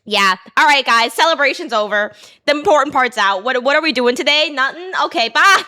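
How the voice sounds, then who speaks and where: A high, bright woman chatting to her stream, bubbly and giggly, piling up repeats of the same phrase. Her pitch leaps about animatedly as she gushes. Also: a little fast. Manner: excitable, giggly, repeats herself. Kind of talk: casual stream chat.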